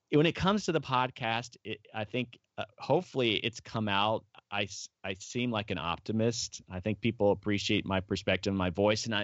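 A man's voice: on the low side, no room sound. A middle-aged man, a podcast guest, talking casually in a rambling way and telling stories. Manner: rambling storyteller, acts out quoted voices. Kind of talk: casual interview talk. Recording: dull, dry lo-fi audio.

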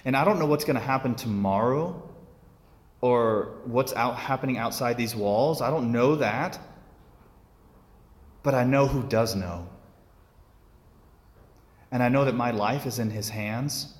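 Male priest, relaxed chatty homily, mid-pitched voice, roomy church acoustics with long reverb. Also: a little slow, pauses often. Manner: casual, conversational preaching with many fillers. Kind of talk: sermon. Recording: echoey church hall.

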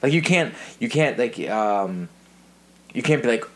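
A man's voice: mid-range voice, unhurried. A man in his thirties hosting a podcast, chatting casually and telling stories with frequent laughs. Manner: animated storyteller, laughs often. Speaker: podcast host. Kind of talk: casual chat.

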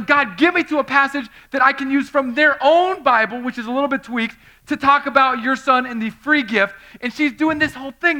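A man preaching a sermon, telling a story with animation and acting out quoted voices, swinging between loud and hushed delivery. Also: very high-pitched. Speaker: pastor.

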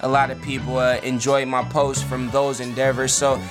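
A man's voice: mid-range voice, monotone, moderate pace, music in the background. A man co-hosting a casual sports talk show, blunt and punchy in his remarks. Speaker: co-host and musician.

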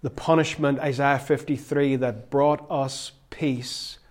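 A man voicing the risen Jesus as a calm man greeting his frightened friends, in a hushed, slow, near-whispered way. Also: medium pitch, close to an everyday voice.

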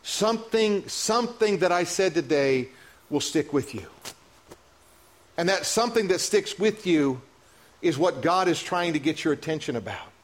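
A pastor preaching a sermon in a church, impassioned and building to emotional peaks, with halting restarts and repeats. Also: male voice, fairly high pitch, animated. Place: church sanctuary.

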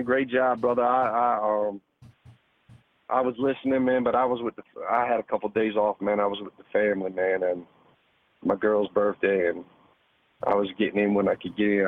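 A man's voice: on the low side, little pitch movement, moderate pace, no echo. Fired-up male caller on a phone line. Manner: profane, repetitive, ends phrases with "man" and "dude". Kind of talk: heated call-in rant.

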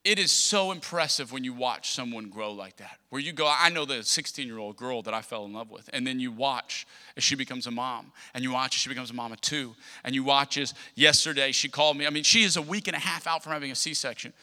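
A young man preaching a sermon in a church, telling humorous personal stories in an animated way. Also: medium pitch, fairly quick. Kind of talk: storytelling sermon. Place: church sanctuary. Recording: long church hall reverb.

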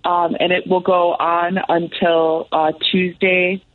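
A woman's voice: on the low side, flat delivery, slow, no echo, narrow, tinny audio. A woman guest on a talk show, speaking emphatically and repeating lines for rhythm. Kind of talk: impassioned talk show discussion.

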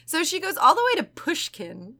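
A woman co-hosts a casual true-crime podcast, retelling the case as animated storytelling full of laughter and swearing. Her voice is high and creaky at a moderate pace.

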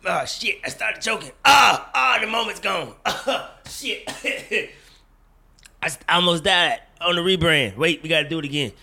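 A young man hosting a casual podcast, talking with animated, profane, loud mock outrage. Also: sits high, normal speed, gravelly, breathy edge. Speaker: podcast host. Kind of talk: casual chat.

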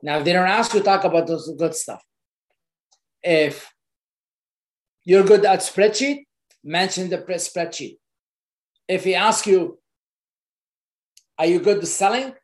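With a medium-pitched voice and a measured pace broken by long pauses, an earnest presenter shares casual job-interview advice to camera. Nothing is scripted, so restarts are frequent, and he repeats key points to drive them home. The space has a roomy echo.

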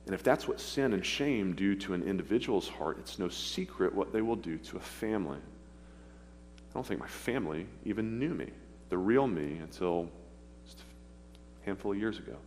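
A man preaching a sermon, earnest and pleading, with pauses as he speaks of his own past. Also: low-pitched, animated, darkish tone. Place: church sanctuary. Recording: long hall reverb, faint hum.

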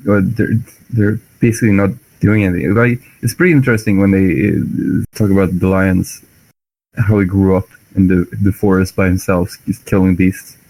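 Animated low-voiced man chatting. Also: moderate pace, gravelly, poor audio. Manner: animated storyteller, acts out lines with laughs. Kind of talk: casual chat about books.

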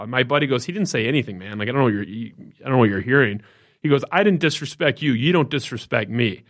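A man co-hosting a sports podcast, telling a story in casual, animated talk that gets more indignant as it goes. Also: quick pace. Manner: animated storytelling, rising pitch when indignant. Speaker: podcast co-host.

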